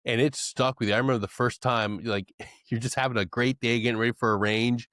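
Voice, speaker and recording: A man's voice: medium pitch, fairly even intonation, fairly quick, fairly bright tone, dry recording, clean studio sound. A man co-hosting a podcast, telling profane stories and laughing often in casual chat. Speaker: podcast co-host.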